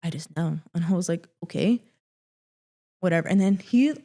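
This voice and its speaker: A young woman sharing a painful personal story, halting with many fillers and restarts, often dropping to a quiet voice. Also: on the low side. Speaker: guest.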